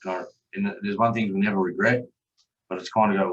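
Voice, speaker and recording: A man's voice: lowish voice, steady tone, fast, far from the mic, muffled recording. A man, a podcast guest telling his own story candidly and bluntly, swearing freely. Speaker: podcast guest, chef and father.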